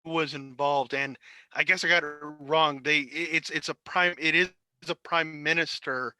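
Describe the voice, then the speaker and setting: Bright-voiced male podcast co-host, hesitant, full of restarts, dry close recording. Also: a little high, fairly even intonation, normal speed, dry recording, rough recording. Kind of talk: casual discussion.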